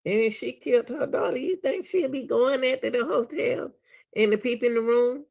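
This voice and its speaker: A man's voice: extremely high pitch, moderate pace, vocal fry, a little mellow. A man with a Southern US accent, hosting a reaction video and talking casually to his viewers, laughing and exclaiming in disbelief.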